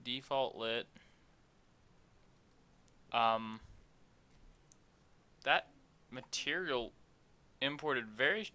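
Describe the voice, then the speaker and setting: A man's voice: medium pitch, very slow, pauses often, sharp tone. A young man hosting an unscripted game development tutorial, thinking aloud with many fillers as he works. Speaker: game dev tutorial host. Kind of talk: unscripted screen-recorded tutorial.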